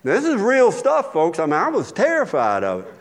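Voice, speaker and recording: A man's voice: high-pitched, huge pitch swings, normal speed. A man in his sixties, a pastor delivering a sermon with folksy, conversational storytelling.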